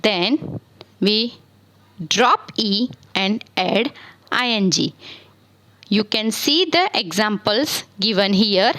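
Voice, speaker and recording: This grammar teacher's voice is medium-pitched, pushed and bright, captured in a low-quality recording. In her screen-recorded English lesson she slowly spells verbs letter by letter and poses questions she then answers herself.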